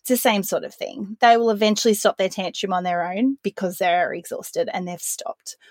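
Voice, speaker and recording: A woman, hosting a podcast and calmly explaining her views on parenting through everyday examples. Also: medium pitch, normal speed, no room sound, clean studio sound. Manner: calm, earnest, explaining with analogies. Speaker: podcast host.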